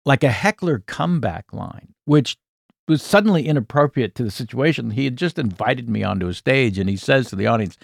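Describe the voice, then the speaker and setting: A comedian in his sixties spins a long story for an interviewer, full of asides and quick self-corrections. His pitch rises and falls freely. The recording is close and dry. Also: expressive, gravelly, dry recording. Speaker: guest comedian.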